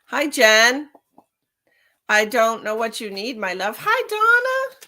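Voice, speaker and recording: A tarot reader on a live stream gives readings and chats with viewers, calling them honey and darling. Her voice is a little high with a sharp tone, and she takes it slowly.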